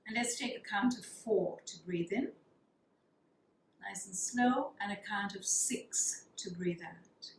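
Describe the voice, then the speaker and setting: A woman teaching a yoga class, guiding breathing practices in a calm, soothing way and counting the breaths. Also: medium pitch, slow pace, slight background noise. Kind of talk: guided yoga breathing instruction. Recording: echoey room with faint ambience.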